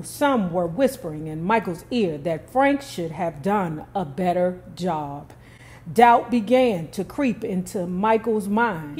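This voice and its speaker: A woman narrates a true story at an ordinary middle pitch, reading steadily. She breaks off now and then for casual, emphatic remarks of her own. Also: mellow.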